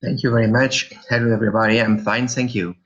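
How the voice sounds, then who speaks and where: A middle-aged man from France with a French accent, answering interview questions in halting English and searching for words. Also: medium pitch, level tone, a bit bright, muffled recording. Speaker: guest, app developer.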